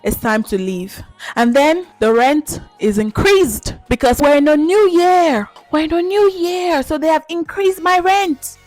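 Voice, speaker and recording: A young woman with a Nigerian accent ranting casually to camera as a vlogger, animated and emphatic, laughing often. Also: high voice, a little slow, no echo, faint music behind.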